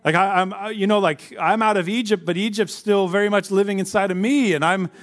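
Man, pastor, sermon, conversational, slightly higher voice, acts out quotes. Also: steady tone, a little fast.

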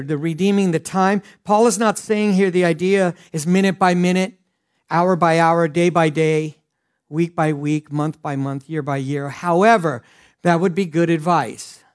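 A middle-aged male pastor preaching a sermon earnestly, swinging from loud emphasis to hushed lines. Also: fairly high pitch.

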